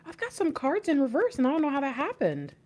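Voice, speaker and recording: A young woman giving a live intuitive tarot reading into a plugged-in microphone, excitable and often repeating herself. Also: sits high, fast. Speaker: tarot reader.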